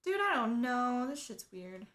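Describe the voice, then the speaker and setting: A woman co-host chats casually while reacting to videos. She is sarcastic, swears freely and laughs easily, and her voice sits a little high. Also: big pitch swings, measured pace, fairly bright tone. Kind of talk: casual chat.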